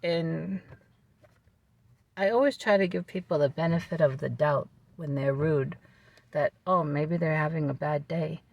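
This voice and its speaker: A vlogger telling a personal story to camera in a calm, measured way, with fillers and restarts. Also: medium pitch, vocal fry, muffled recording.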